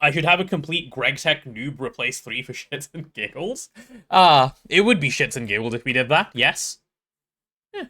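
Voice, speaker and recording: Man, streamer, bright voice, very lively pitch, rambling casual chat, desk mic. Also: moderate pace. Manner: rambling, chatty, reads chat aloud, many restarts. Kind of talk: casual live-stream chat while playing.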